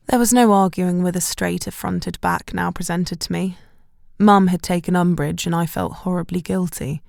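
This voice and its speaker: A woman reads a romance novel in the first person, wry and self-mocking. Her voice is low with a gravelly edge, recorded close and completely dry. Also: fairly even intonation, normal speed, a little mellow, dry recording. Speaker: audiobook narrator. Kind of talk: first-person scripted narration.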